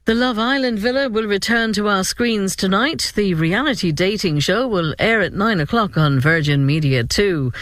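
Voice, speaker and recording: Male newsreader, slightly high voice, dry close studio sound, measured scripted delivery. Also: no echo. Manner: measured, even news delivery. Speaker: radio newsreader. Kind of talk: scripted news bulletin.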